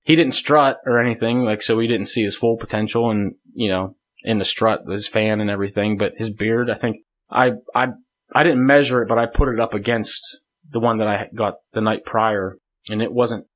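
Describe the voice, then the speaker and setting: A man's voice: fairly low pitch, steady tone, normal speed. A man as a podcast guest, telling a hunting story in casual conversation, laughing often and rambling with lots of filler words.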